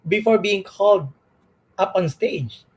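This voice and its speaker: A man's voice: high voice, measured pace, husky. A man hosting an interview show, prompting his guest with curious follow-up questions. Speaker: talk show host.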